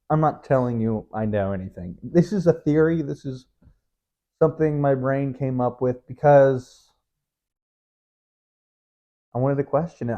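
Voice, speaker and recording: A man's voice: mid-range voice, dark tone. A young man hosting his own show, rambling through a casual monologue full of swearing, restarts and chuckles. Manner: rambling, profane, self-interrupting, laughs often. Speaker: podcast host. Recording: dull lo-fi recording.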